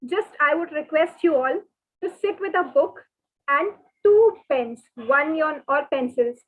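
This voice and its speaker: A woman teaching French in an online lesson, patiently repeating each word slowly and often. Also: high voice, expressive. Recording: thin phone-like webinar audio.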